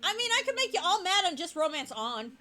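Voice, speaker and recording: A woman's voice: extremely high pitch, big pitch swings, fairly quick, pushed and bright, soft background music. A woman giving casual, chatty gameplay commentary, often stopping to correct herself. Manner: chatty, self-correcting, laughs easily. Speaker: let's play host.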